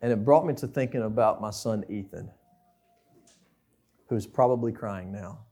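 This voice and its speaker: A man's voice: on the low side, moderate pace, pauses often, mellow, soft background music. A young man preaching a conversational sermon, asking the listeners questions.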